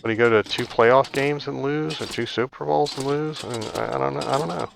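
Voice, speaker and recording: A man with a mid-range, slightly creaky voice talks a little fast over some background noise. He hosts a gaming channel and tells a rambling, chatty story while playing, leaning heavily on "like" as a filler.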